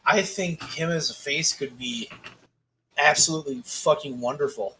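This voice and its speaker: A man co-hosting a podcast in casual chat, swearing freely and telling animated stories with acted-out quotes. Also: a little high, normal speed. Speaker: podcast co-host.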